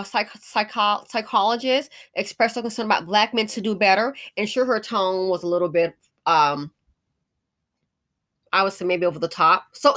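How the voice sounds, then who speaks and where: A woman hosts her own commentary vlog, speaking casually and bluntly as she works through her thoughts. Her voice is bright and forceful, set at a middle pitch, and she stops now and then with an um or uh. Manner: conversational, opinionated, thinking aloud with fillers. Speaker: commentary channel host.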